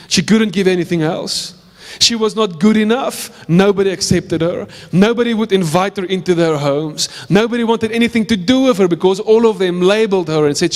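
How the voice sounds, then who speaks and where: A man's voice: sits high, normal speed, long reverb tail. A male pastor with a South African accent, preaching a sermon in church, telling a story earnestly and repeating phrases for emphasis. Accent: South African English.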